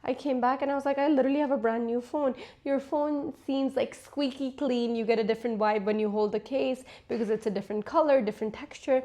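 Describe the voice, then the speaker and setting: A woman's voice: high-pitched, steady tone, brisk, hardly any pauses, dark tone. A woman in her twenties giving frank, chatty life advice to camera in a big-sister tone. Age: 20s. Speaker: lifestyle vlogger. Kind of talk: casual advice talk to camera.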